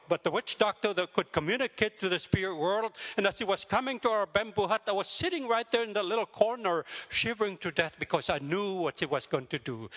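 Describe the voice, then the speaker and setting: An older man preaches as a guest speaker. His voice sits a little high and bright. He tells stories vividly, rising and dropping back to a hush, and long reverb trails off each phrase in a large church hall. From grew up in a jungle village. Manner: vivid storyteller, swings between raised and hushed delivery. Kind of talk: sermon with personal storytelling.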